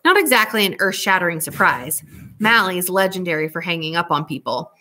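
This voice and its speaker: A woman's voice: fairly low pitch, lively intonation, a little fast, sharp tone. A woman reading a novel aloud, narrating in a casual, conversational first-person way. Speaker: audiobook reader.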